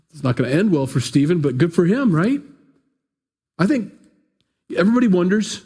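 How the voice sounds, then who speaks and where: A man preaching a conversational sermon into a microphone in a small church room, animated and acting out different voices. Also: a little high, normal speed, breathy edge. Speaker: pastor. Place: church room, not big. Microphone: pulpit microphone.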